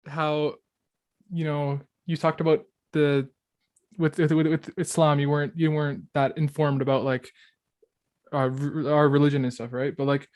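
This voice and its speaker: A young man hosting a casual podcast, easygoing, asking quick questions between laughs. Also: fairly high pitch, a little mellow. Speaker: podcast host. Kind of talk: casual chat.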